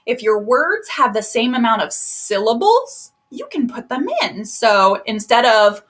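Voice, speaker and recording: A woman's voice: a little high, big pitch swings, a little slow. Cheerful children's librarian woman. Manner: gentle, encouraging, explains things simply to children. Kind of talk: live online storytime for kids. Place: at home, laptop propped on a box. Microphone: laptop microphone.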